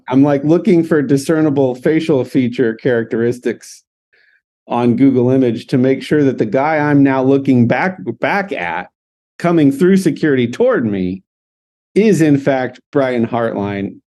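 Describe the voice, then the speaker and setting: A man with a medium-pitched, dark-toned voice co-hosts a podcast and tells an anecdote in casual conversation. He laughs often and acts out the dialogue as he goes.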